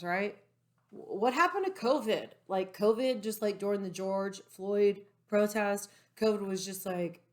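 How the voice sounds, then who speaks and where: An excited woman vlogging from her room at home, rambling to her viewers in a casual, unscripted stream of thought. She trails off into asides and leans heavily on fillers as she talks. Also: medium pitch. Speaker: political vlogger. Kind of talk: casual monologue to camera.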